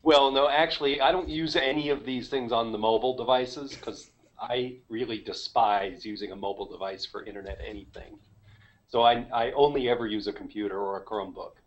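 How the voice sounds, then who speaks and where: A man with a middle-pitched voice speaks frankly in a casual group chat. He pokes fun at himself. The sound comes through a video call. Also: fairly quick, rough recording. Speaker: panelist.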